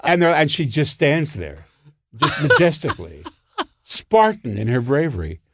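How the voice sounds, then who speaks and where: Man telling stories with wildly swinging pitch. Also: normal speed, no echo. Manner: animated, theatrical storyteller who acts out quotes. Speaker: guest storyteller. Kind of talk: casual anecdote telling.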